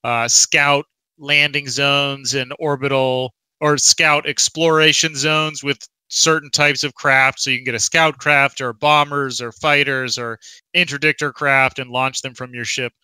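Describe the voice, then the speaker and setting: A man guesting as a game developer, eager and explanatory, with a very bright, crisp, smooth voice. The sound is close and dry, with little room. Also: mid-range voice, flat delivery, unhurried, no echo, rough recording. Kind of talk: casual interview talk. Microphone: online voice call.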